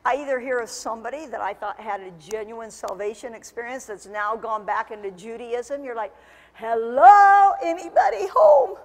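A woman pastor delivers a lively sermon, moving between storytelling and fervent, shouted appeals. Her voice sits a little high. It rings out with a long reverb through a church sanctuary.

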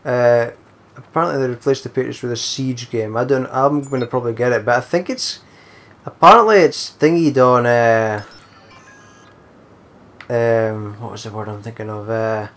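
A man's voice: mid-range voice, moderate pace, fairly bright tone. A man giving casual, rambling gameplay commentary, swearing a lot and joking around. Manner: swearing, rambling, jokey, breaks into song. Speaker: let's play gamer.

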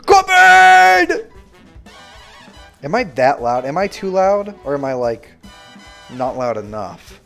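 A young man livestreaming a game, bantering loudly and sarcastically with his chat in mock outrage. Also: medium pitch, big pitch swings, measured pace, faint music behind. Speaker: streamer. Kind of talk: live gaming stream chatter.

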